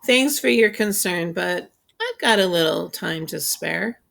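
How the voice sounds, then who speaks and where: A woman reading aloud, voicing a friendly grown man who gently coaxes a hungry child out of hiding, slow and patient. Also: on the low side, animated, vocal fry, full character voice. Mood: coaxing. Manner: gentle, coaxing, unhurried.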